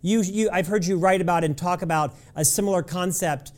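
A man's voice: high voice, a little fast. A man hosting an interview who asks long, rambling questions and often fumbles and restarts them. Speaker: host.

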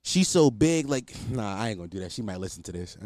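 Young man, candid storyteller, profane slang, lively pitch, dry recording. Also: dry recording. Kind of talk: casual storytelling.

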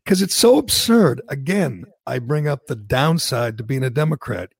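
A man's voice: medium pitch, expressive, normal speed, vocal fry, slightly rough, no echo. A man hosting a podcast, animatedly giving his opinions as he recaps a debate. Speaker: podcast host. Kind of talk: casual political chat.

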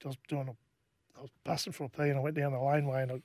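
A middle-aged Australian man, a former rugby league player, telling stories casually as a podcast guest, with a halting, laid-back delivery full of restarts. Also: mid-range voice, little pitch movement, a little mellow. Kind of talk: casual storytelling.

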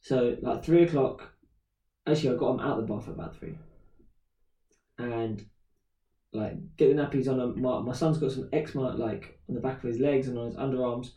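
A man, co-hosting a podcast and telling animated stories in casual chat with loud acted-out shouts. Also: mid-range voice, normal speed, pauses often, reverberant, distant mic, rough recording. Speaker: podcast co-host.

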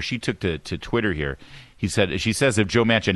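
A man hosting a talk radio show, excitable and self-deprecating, with rambling asides, on a studio microphone. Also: on the low side, moderate pace, dry recording.

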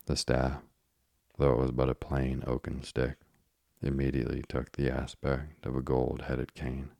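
A man narrating an old-fashioned tale in a measured audiobook reading. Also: rumbling low, completely flat delivery, vocal fry, darkish tone, no echo.

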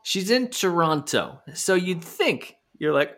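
A man's voice: high voice, very animated, takes it slowly, fairly bright tone. A man co-hosting a podcast, recapping in a playful, storytelling way. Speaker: podcast co-host. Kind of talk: casual recap chat.

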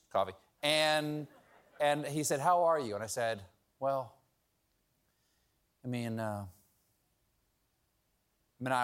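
A middle-aged man fielding questions from a theater audience before a show. He tells stories with a playful, self-mocking edge, and his voice sits at an ordinary pitch. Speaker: talk show host. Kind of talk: casual audience Q&A.

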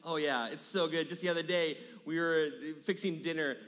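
A man in his thirties preaching a sermon in a church, energetic, repeating key phrases and dropping into hushed asides. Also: a little high, normal speed. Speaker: pastor. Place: church sanctuary. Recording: long hall reverb.

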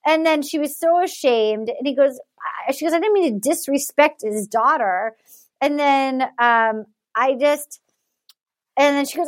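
A woman with a high, lively voice hosts a casual podcast chat. She recaps by acting out each person's lines in turn. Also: normal speed. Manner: recaps by acting out quoted dialogue, laughs often. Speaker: podcast host.

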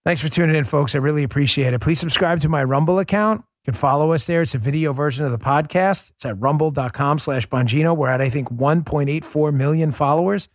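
A man's voice: fairly high pitch, fast talker, hardly any pauses, no echo, studio quality. A man in his forties hosting a podcast, telling stories in a casual, conversational monologue with many restarts. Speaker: podcast host.

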